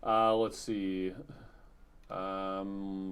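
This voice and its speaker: A man co-hosting a live stream, chatting casually and reading viewer comments aloud in a relaxed, quiet way. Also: medium pitch, moderate pace. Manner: relaxed, reads chat messages in a quiet flat tone.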